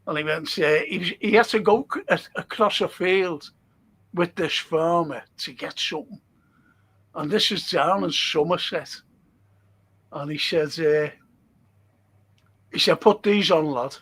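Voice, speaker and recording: A man, a guest telling animated stories, swearing freely and laughing as he goes. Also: a little high, unhurried, pauses often, breathy edge. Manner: animated, swears a lot, laughs mid-story. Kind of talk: casual chat, storytelling.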